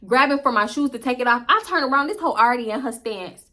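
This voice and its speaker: A woman in her twenties with a Houston accent, telling a story in an animated, profane way to her viewers. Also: on the high side, fast talker. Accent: Houston, Texas. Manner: profane, animated, laughing asides. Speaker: vlogger. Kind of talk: casual storytime monologue.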